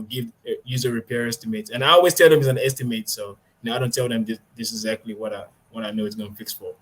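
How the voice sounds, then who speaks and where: A young man from Nigeria in his twenties, a guest in an interview, speaking hesitantly with many fillers and laughing easily. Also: mid-range voice. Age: 20s. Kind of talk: casual interview talk.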